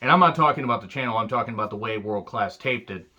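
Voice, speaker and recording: Man, from the United States, casual review monologue, blunt and profane, sarcastic asides, bright forceful tone. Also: fairly low pitch, quick pace, lo-fi sound. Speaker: wrestling show reviewer.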